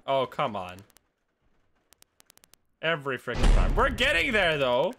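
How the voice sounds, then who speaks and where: Excitable high-voiced man streaming a game. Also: a little slow, a little hiss or hum. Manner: excitable, yelps and shouts at setbacks. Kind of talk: live gameplay commentary.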